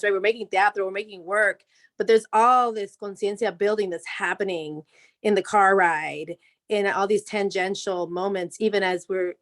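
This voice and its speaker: A woman on a video call sharing a memory in a reflective, halting way, full of fillers and restarts. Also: mid-range voice, fairly bright tone. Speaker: guest speaker, former actor in the play.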